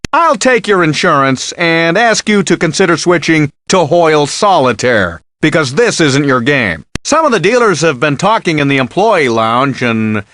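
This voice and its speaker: A man's voice: fairly high pitch, fairly bright tone. An actor playing a sarcastic male blackjack dealer in a video game, teasing the player with one-liners.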